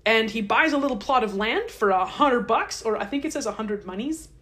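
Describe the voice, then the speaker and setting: A woman's voice: fairly high pitch, lively intonation, brisk, a bit bright. A woman host casually retelling a story in a chatty, irreverent, joking way. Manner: irreverent, chatty, swears lightly. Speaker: podcast host.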